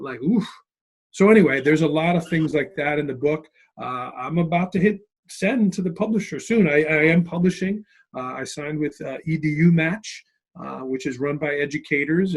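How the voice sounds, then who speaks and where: Husky and animated, this middle-aged principal-turned-author speaks on the high side and a little fast. Telling stories in an interview, he keeps tagging his lines with "right?" and "like."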